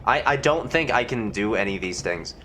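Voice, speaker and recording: A man's voice: lowish voice, lively intonation, fairly quick, pushed and bright, a little hiss or hum. A man giving casual let's-play commentary, thinking aloud and reading game text. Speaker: gamer.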